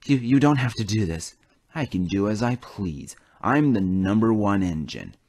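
A man's voice: lowish voice, sing-song, moderate pace, darkish tone, slight background noise. A man voicing a stammering remorseful engine. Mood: pleading. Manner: stammering, pleading.

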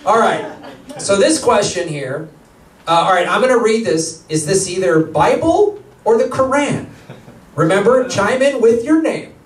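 A man's voice: high voice, animated, a little slow. A man hosting a live comedy game show on a theater stage, using a brash announcer voice and cracking jokes between questions. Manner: brash announcer voice with joking asides. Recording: echoey theater, mic from far off.

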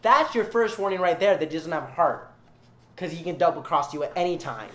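Tipsy young man, slightly high voice, sarcastic and rambling storyteller, in a roomy space. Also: expressive, a little fast, pushed and bright. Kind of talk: drunken comedic retelling. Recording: echoey room.

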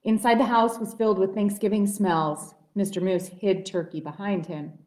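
A woman's voice: mid-range voice, steady tone, moderate pace, darkish tone. Woman reading a story aloud, echoey room. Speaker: librarian. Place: public library room.

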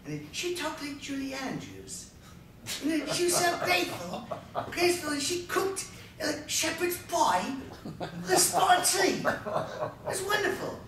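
A man's voice: extremely high pitch, very animated, a little slow, noisy background, voice pushed up, full character voice. A man putting on a chirpy, exaggerated posh British accent, sing-song and laughing through it. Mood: gushing. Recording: echoey room from a distance.

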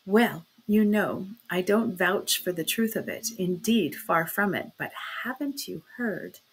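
Sly whispery young gossip girl, a woman reading her, hushed and coy. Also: lowish voice, unhurried, a little hiss or hum, low-quality recording. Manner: hushed, insinuating.

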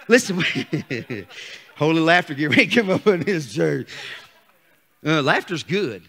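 A man's voice: fairly high pitch, animated, normal speed, gravelly. Fervent older preacher man. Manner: fervent, calls on the congregation, rising to shouts. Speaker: pastor. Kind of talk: sermon.

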